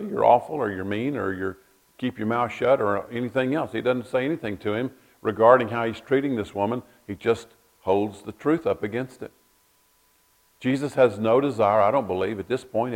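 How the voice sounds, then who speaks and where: A man preaching a sermon, folksy storytelling that repeats words as he builds each point. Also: medium pitch. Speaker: pastor.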